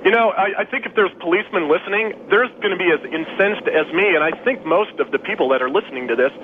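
A man's voice: sits high, fast. A man calling a radio show, indignant and scolding, heard over a phone line. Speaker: radio caller. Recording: tinny phone line, faint hiss.

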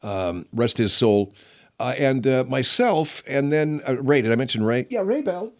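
A man's voice: medium pitch, big pitch swings, a little slow. A man hosting a comedic radio talk show, rambling and reminiscing. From Southern California.

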